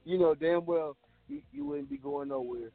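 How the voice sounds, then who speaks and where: A man's voice: on the high side, big pitch swings, normal speed, vocal fry, no echo, faint music behind. A man hosting a call-in radio show, trading jokes and playful banter with callers. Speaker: radio talk show host. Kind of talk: casual call-in radio chat. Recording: tinny phone-line sound.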